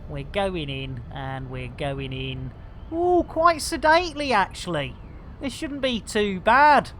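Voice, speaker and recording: A man's voice: on the high side, a bit bright, a little hiss or hum. Jokey British man streaming a game. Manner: jokey, punning, rambling banter. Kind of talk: casual live-stream commentary.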